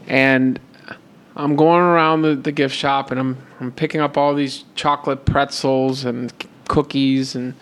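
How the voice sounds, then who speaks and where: A man's voice: mid-range voice, measured pace. Man telling a story on a podcast. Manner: animated retelling with repeated "and I'm like". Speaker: podcast co-host. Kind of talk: casual storytelling chat.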